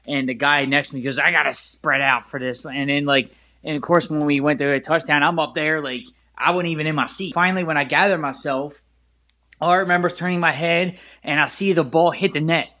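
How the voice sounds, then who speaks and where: Excitable man retelling a game. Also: a little high, brisk. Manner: excitable storyteller, many restarts and "like"s. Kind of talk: casual sports talk.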